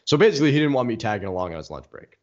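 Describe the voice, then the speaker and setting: A young man, co-hosting a casual podcast and telling stories in an excitable, swearing rant. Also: on the low side, rapid-fire. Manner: excitable storyteller, swears freely, heated rants. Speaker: podcast co-host. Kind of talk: casual chat. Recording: dull lo-fi recording.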